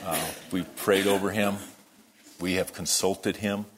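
A man preaching a sermon, telling a story that moves between quiet, hushed lines and loud, worked-up ones. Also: sits low, level tone, measured pace, crowd noise. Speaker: pastor.

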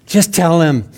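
A man's voice: a little high, warm tone. A man preaching a sermon in an earnest, conversational way, acting out sample prayers in his own words. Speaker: pastor.

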